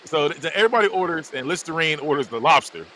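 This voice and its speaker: Мужчина с очень живой, подвижной интонацией. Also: male voice, fairly high pitch, quick pace, heavy background noise. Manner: animated storytelling, frequently laughing. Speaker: podcast host. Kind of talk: casual movie recap.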